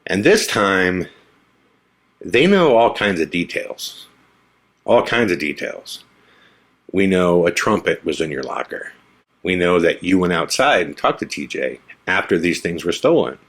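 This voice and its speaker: A male podcast host telling a personal story in a casual, animated way, acting out the dialogue of the people in it. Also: low-pitched, unhurried. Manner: animated, acts out quoted dialogue.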